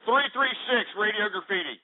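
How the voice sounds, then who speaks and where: A man hosting a call-in radio show, abrasive and quick to insult and mock his callers. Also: sits high, animated. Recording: lo-fi radio broadcast, phone-like.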